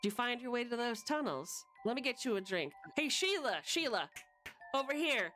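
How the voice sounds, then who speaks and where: A woman's voice: on the high side, lively intonation, moderate pace, bright, forceful tone, soft background music, pitched above the performer's own voice. A woman voicing a portly, balding, cigar-smoking man in a transatlantic accent, brash and overfamiliar.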